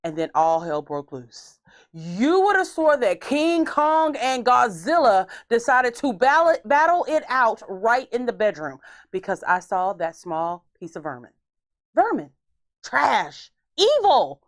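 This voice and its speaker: A woman's voice: a little high, measured pace, no echo, clean studio sound. A woman hosting a podcast, telling stories in a casual, theatrical way. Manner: animated, theatrical storyteller. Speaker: podcast host. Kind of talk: casual storytelling chat.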